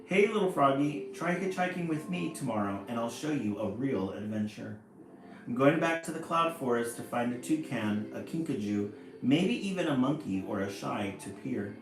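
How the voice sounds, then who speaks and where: A man's voice: medium pitch, expressive, normal speed, noisy background, lightly acted. A man voicing an adventurous young jungle explorer who talks in a friendly, eager way. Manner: friendly, eager, a little wistful. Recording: echoey room, faint music.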